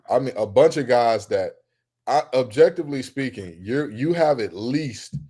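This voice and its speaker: A man co-hosting a sports talk podcast, speaking emphatically and repeating points for stress, often climbing much higher when he rants. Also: warm tone.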